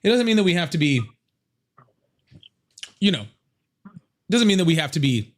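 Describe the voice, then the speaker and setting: A man hosting a casual live political chat, talking fast and joking with viewers. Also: sits high, sing-song. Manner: chatty, fast asides to viewers, laughing exclamations. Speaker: livestream host.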